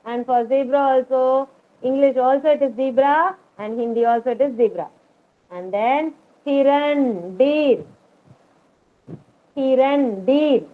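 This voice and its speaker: A woman teaching a kindergarten class online, slowly and patiently repeating each word for the children to echo. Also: high voice. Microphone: video call. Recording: tinny video call audio.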